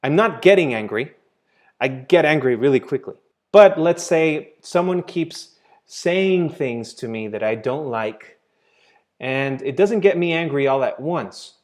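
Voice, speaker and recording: A man's voice: fairly high pitch, lively intonation, unhurried. Patient man teaching English grammar. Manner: patient, repeats points with "right?" and "okay?". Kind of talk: explaining grammar to learners.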